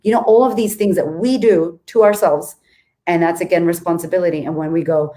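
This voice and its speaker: A woman's voice: lowish voice, steady tone, brisk, warm tone. A woman on a video call, a guest author in casual chat, blunt and emphatic, swearing freely.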